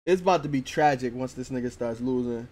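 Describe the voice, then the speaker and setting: A man's voice: mid-range voice, quick pace, crowd noise. A man hosting a casual gaming podcast, laid-back, often repeating himself and laughing. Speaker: podcast host. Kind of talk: casual chat.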